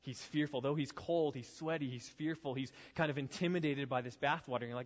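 A man preaching a youth sermon to high schoolers, telling stories in a loose, conversational way with casual asides. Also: brisk, few pauses. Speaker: youth pastor. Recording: reverberant hall, dull lo-fi sound.

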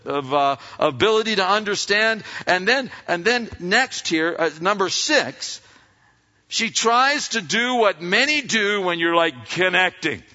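A man's voice: sits high, animated, measured pace, sharp tone. A man preaching a sermon in a loose, conversational way, acting out the lines of the people he talks about. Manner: casual, conversational preaching with slang and quoted dialogue. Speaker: pastor. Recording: dull sound with long hall reverb.

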